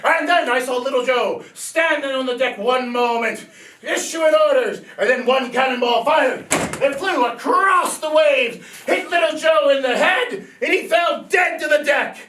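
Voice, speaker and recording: A man telling an interactive pirate tale to an audience, loud and theatrical, repeating refrains and bantering with the listeners. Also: very high-pitched, unhurried, slight background noise. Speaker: storyteller leading an audience. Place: brewery event venue with audience. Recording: echoey room, distant mic, loud crowd.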